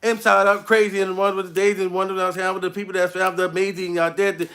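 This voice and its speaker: Male comedian from New York, high raspy voice, loud profane storytelling. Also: a little fast. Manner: animated, profane, laughing storyteller. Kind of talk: comedic vlog monologue.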